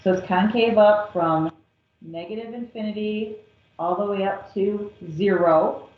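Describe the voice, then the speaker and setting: A woman math teacher working through a calculus problem step by step, patient and methodical. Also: mid-range voice. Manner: slow, patient, step-by-step explaining. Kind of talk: recorded calculus lesson. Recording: echoey, dull lo-fi classroom recording.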